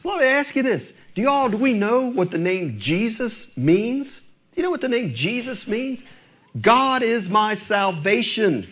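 A man's voice: very high-pitched, sing-song, normal speed. A male pastor preaching a sermon, asking his congregation rhetorical questions.

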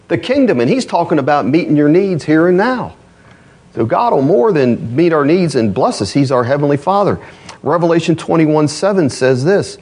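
Lively folksy male preacher. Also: on the high side, fairly quick, breathy edge. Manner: folksy preaching with laughs and rhetorical questions. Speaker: pastor. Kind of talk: sermon. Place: church.

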